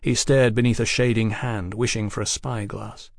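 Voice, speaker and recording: A man narrating an audiobook in an even, unhurried way. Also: on the low side, gravelly, no echo, studio quality. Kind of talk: scripted narration.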